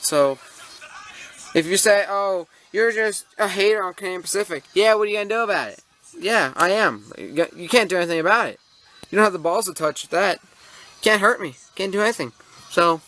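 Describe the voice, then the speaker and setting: Speaking from the United States, this young man goes on an indignant, rambling rant about railroads, stumbling over fillers and restarting often. His voice is high and fairly bright, captured by a handheld camera mic in the model railroad room of his home.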